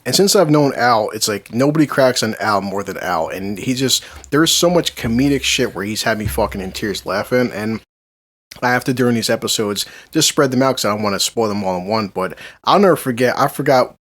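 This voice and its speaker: A man's voice: mid-range voice, expressive, fairly quick, fairly bright tone. A man co-hosting a podcast, telling a crude story and laughing as he acts out what others said. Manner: tells a story laughing, acting out quotes. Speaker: podcast co-host.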